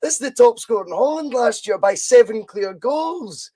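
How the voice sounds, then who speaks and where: A Scottish man hosting a podcast, chatting about football in an animated, opinionated, emphatic way. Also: very high voice, normal speed. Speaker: podcast host. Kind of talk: casual football chat.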